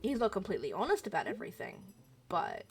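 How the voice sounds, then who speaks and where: A woman's voice: lowish voice, huge pitch swings, fast, gravelly. A woman streamer chatting frankly and with strong opinions while playing a video game. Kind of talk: casual game commentary.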